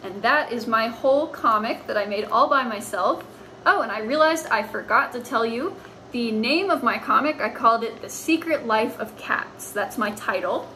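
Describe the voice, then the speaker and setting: A woman's voice: fairly high pitch, moderate pace, sharp tone, a little hiss or hum, poor audio. A woman teaching a lesson on writing comics, explaining patiently as if to children.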